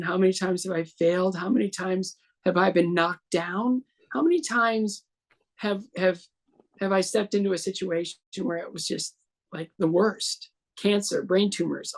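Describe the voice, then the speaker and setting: A man's voice: high-pitched, moderate pace. A man in his sixties, a guest in an interview, telling a long story and acting out the other voices in it. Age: 60s.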